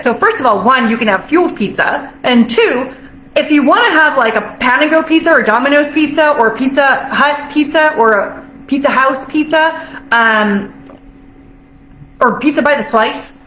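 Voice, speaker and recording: A high-voiced woman talks as a nutrition coach in a bubbly, upbeat way, laughing often and drawing out the words she wants to stress. The recording carries a noticeable room echo. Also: fairly bright tone. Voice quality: bubbly, laughs often, drawn-out emphatic phrases. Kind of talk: casual motivational talk to camera.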